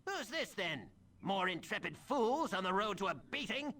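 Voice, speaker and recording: An actor voicing a gruff halfling villager in a fantasy video game, greeting travelers with mocking remarks. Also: male voice, high voice, very animated, moderate pace, crowd noise.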